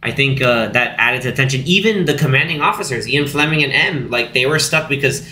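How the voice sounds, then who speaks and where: Young guy podcast cohost, bright voice, lots of "like", does goofy high voices, echoey room w/ slight hiss. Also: fairly quick. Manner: animated, acts out characters in high put-on voices, many fillers. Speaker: podcast co-host. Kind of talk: casual movie discussion. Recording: echoey room with faint background noise.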